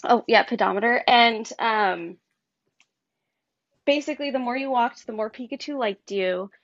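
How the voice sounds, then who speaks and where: A woman's voice: a little high, measured pace, a bit bright, dry recording, lo-fi sound. A woman in her thirties, a guest in a casual chat, rambling through a story with plenty of fillers and giggles. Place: on her bed.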